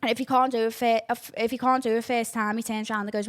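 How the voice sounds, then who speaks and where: A young woman, hosting a casual podcast, oversharing and swearing freely in animated outbursts. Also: on the high side, fast. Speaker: podcast host. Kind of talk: casual chat.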